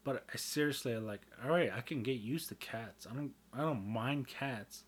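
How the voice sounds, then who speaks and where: A man's voice: medium pitch, moderate pace, slight background noise. Rambling, foul-mouthed man. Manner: profane, rambling, loses his train of thought. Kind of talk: casual rambling monologue.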